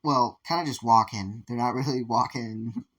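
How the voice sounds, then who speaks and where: A man's voice: medium pitch, moderate pace, fairly bright tone. A man improvising a fan-fiction story, rambling with frequent laughs and restarts.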